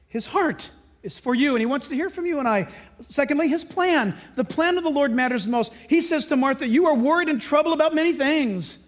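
A man preaching a sermon, telling animated stories and acting out the voices of the people in them. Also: very high-pitched, brisk. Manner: animated storytelling, acts out voices and laughs. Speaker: pastor.

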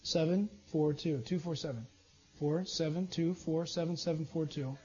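A man preaching a sermon as pastor, animated, swinging between loud urging and low asides. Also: moderate pace, dull audio.

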